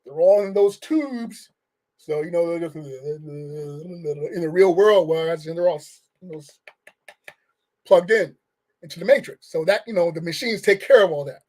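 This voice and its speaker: A man's voice: on the high side, measured pace, a little mellow. A man giving a casual, rambling movie review rant, firing off questions with restarts and short laughs. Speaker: film reviewer.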